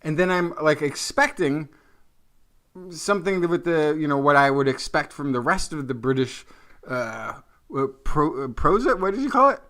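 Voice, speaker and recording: Male co-host, high and bright tone, loose conversational delivery full of restarts. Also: animated, moderate pace. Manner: rambling, restarts and hunts for words. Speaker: podcast co-host. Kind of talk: casual science chat.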